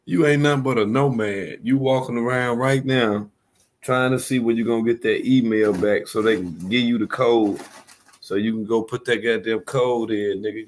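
A man's voice: medium pitch, fairly even intonation, normal speed. A man hosting a stream and mockingly roasting someone, with scornful insults and laughter at his own jokes.

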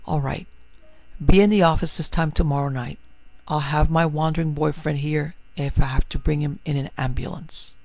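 A man's voice: on the high side, steady tone, moderate pace, vocal fry, darkish tone, dry recording. A man voicing a headstrong young woman who speaks urgently and emotionally. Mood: pleading. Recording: dry, slightly muffled recording.

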